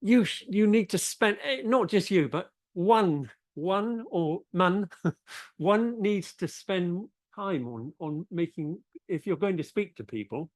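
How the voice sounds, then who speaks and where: A woman English teacher gives slow, halting feedback on word usage, often stopping and restarting her sentences. Her voice sits at a middle pitch and sounds close and dry, with almost no room echo. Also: animated, a little mellow.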